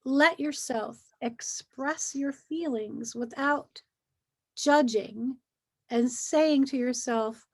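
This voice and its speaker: A woman's voice: sits high, takes it slowly, slightly rough. A middle-aged woman speaking as a guest in a casual conversation, explaining feelings earnestly and acting out what people say to themselves. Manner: earnest, animated, acts out feelings while explaining. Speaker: guest, hypnosis practitioner.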